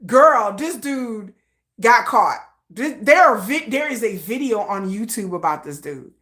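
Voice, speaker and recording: A woman hosting a casual livestream from home, telling a story in animated, slangy talk and acting out the voices of other people. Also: on the high side, a little slow. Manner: animated, slangy, acts out quoted voices with laughs. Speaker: livestream host.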